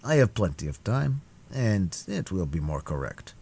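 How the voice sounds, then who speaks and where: Dignified musketeer, low, husky and quiet, read by a man. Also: very animated, normal speed, heavily acted. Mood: approving. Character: older male musketeer, calm, dignified, wounded.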